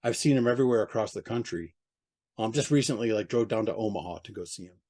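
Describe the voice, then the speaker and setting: A man's voice: lowish voice, fast, dark tone. A man giving a casual interview as a record label owner, blunt and profane, with mocking asides. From United States.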